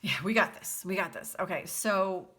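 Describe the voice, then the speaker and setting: A woman's voice: medium pitch, normal speed, a bit bright, breathy edge. A woman doing a casual tarot reading for her viewers, chatty and prone to fits of laughter. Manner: giggly, chatty, breaks into laughter often; reads song lyrics aloud in a half-sung lilt. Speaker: tarot reader.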